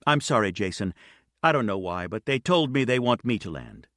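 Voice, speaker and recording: A man voicing a patient, steady female airline captain who speaks quietly and kindly. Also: fairly low pitch, moderate pace, dry recording, studio quality. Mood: calm.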